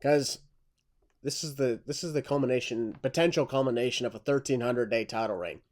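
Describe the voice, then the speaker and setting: A man's voice: medium pitch, darkish tone. A man co-hosting a casual podcast, speaking in an emphatic, dramatic way. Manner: emphatic, drawn-out dramatic retelling. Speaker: podcast co-host.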